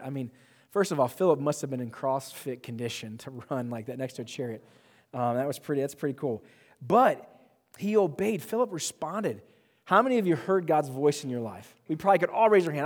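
A young man preaching a sermon, animated and joking, with self-mocking asides. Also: on the high side, a little fast, big-room sound. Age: young adult. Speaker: pastor.

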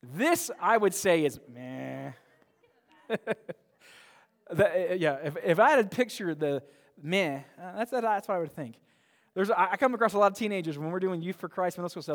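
A man's voice: high voice, animated, a little fast. A man preaching a sermon in a church, talking conversationally with many restarts and acting out bored voices. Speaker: pastor. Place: church sanctuary. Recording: long hall reverb.

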